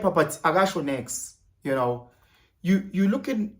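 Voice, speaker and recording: A motivational vlogger with a high voice and a South African accent delivers an emphatic monologue. He repeats key words, slips in Zulu phrases, and swears.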